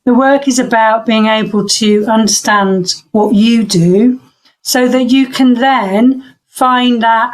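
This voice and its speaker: A middle-aged woman, a voice coach, talking thoughtfully in an interview, pausing to search for words and restarting her sentences. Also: fairly high pitch, poor audio. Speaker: voice coach guest. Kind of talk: reflective interview talk.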